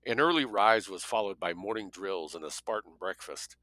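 A man's voice: low voice, lively intonation, moderate pace, sharp tone, no room sound. A man narrating a thriller audiobook in a plain reading voice, now and then dropping offhand asides of his own. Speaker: audiobook reader.

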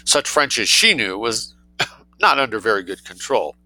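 A man narrating a story aloud in a wry, lively reading voice, adding his own commentary. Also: fairly low pitch, moderate pace, no room sound, low-quality recording. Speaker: reader and commentator.

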